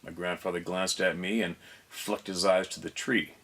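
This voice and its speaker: A man hosting a show, reading a first-person story aloud, unhurried, stopping now and then to reread or fix a slip. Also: sits low, little pitch movement, fairly bright tone.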